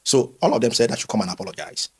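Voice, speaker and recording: Animated, fast-talking man. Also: mid-range voice, husky. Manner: animated storytelling, acts out quoted voices, frequent restarts. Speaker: former pastor, interview guest. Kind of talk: candid conversational interview.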